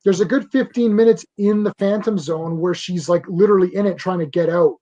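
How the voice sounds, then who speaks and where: A man's voice: sits high, a little fast, mellow. Enthusiastic man, dull lo-fi sound. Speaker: podcast co-host. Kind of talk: casual chat.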